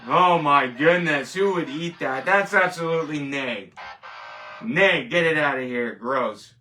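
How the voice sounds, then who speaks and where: A man's voice: fairly high pitch, a little slow, sharp tone, faint music behind. A man hosting a casual rant show, rambling and emphatic, scoffing at each verdict. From Canada. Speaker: show host. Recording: voice distant from the mic.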